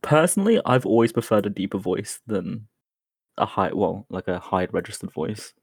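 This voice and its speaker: A young man in easy podcast chat, his voice sitting a bit low. He talks in halting runs, padding with fillers as he thinks. The sound is dry and close, with no room around it. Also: big pitch swings, gravelly, slightly rough, no echo. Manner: hesitant, many fillers. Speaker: podcast co-host. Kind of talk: casual chat.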